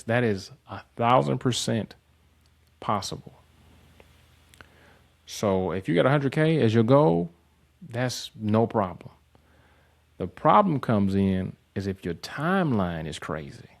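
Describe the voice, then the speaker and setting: A man's voice: on the low side, animated, takes it slowly, creaky, pauses often. A man hosting a tech career channel, giving a blunt, profane motivational talk and mocking the people he describes. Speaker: host.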